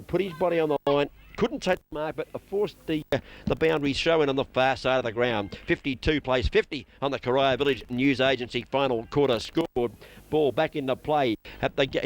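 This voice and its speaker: Aussie guy calling a footy game live, high voice, gets all worked up over every contest. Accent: Australian. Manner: excitable, rapid play-by-play calling. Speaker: play-by-play commentator. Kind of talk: local football commentary.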